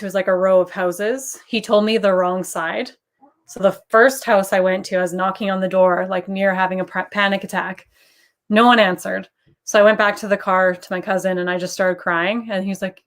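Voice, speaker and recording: A woman in her thirties sharing a personal story during an interview. She talks in an earnest, steady way at a middling pitch. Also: moderate pace. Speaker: guest. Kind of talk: casual interview talk.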